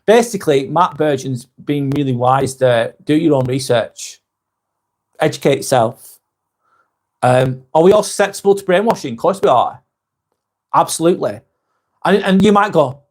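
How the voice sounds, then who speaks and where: A man's voice: fairly high pitch, lively intonation, unhurried, pauses often. A man with a Lancashire accent hosting a live vlog, reading out viewer comments in a blunt, sweary, emphatic way.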